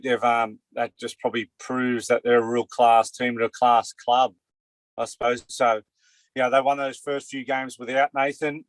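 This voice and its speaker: A man's voice: medium pitch, fairly bright tone, no echo. An Australian man with a mid-range voice talks sport in a loose, rambling way. He leans on "mate" and "you know" all the time. The sound is dry and close. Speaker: co-host, former player. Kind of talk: casual sports chat.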